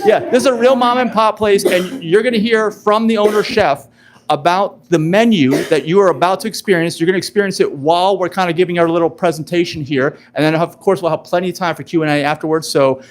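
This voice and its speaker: A man's voice: high-pitched, quick pace. A man in his fifties hosting a live event presentation, talking in an upbeat, chatty, loose and rambling way. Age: 50s. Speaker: event host.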